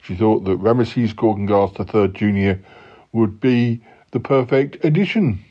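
A man voicing a gruff, low, manly yeti uncle who waffles on with lots of fillers and restarts, on a slightly dull recording. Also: a little slow. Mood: rambling.

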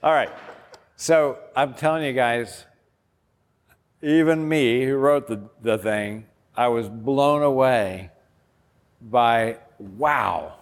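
A man, a pastor, giving an enthusiastic, informal workshop talk while demonstrating an app step by step. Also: medium pitch. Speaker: pastor presenting a discipleship app. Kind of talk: workshop presentation. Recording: long hall reverb.

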